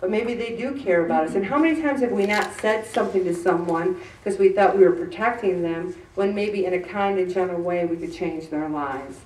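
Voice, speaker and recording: A woman's voice: fairly low pitch, a little fast, few pauses, a little mellow, a little hiss or hum. Earnest woman talking in a roomy space. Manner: earnest, conversational, with many restarts. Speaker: host. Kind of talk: faith-based self-help talk. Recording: roomy, distant mic.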